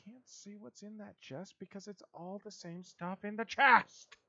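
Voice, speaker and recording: A man's voice: sits high, measured pace, pushed and bright, dry recording. A man chatting casually and laughing often while livestreaming a game and answering his chat. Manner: giggly, chatty, reads chat aloud. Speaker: streamer. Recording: dull, dry lo-fi mic.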